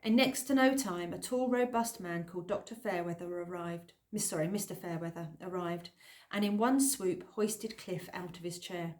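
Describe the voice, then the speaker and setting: A woman narrating an audiobook in an expressive, lively storytelling manner. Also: fairly low pitch, moderate pace. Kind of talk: scripted narration.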